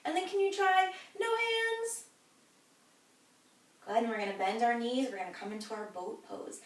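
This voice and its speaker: Woman, kids' yoga teacher, high voice, cheerful and encouraging, echoey room, heard from a distance. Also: animated, moderate pace. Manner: cheerful, encouraging, speaks to children. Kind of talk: guided children's yoga class.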